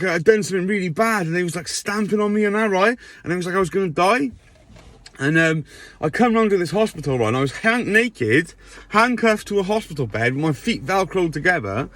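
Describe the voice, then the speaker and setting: Man, high-pitched, rambling storytime monologue, keeps tagging "right?", dry recording. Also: a bit bright, dry recording. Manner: rambling, checks in with "right?" tags.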